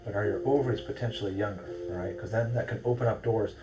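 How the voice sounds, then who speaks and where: A man working as a fertility doctor, explaining things briskly to a patient and checking that she follows. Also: fairly low pitch, fairly even intonation, far from the mic. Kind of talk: consultation with a patient.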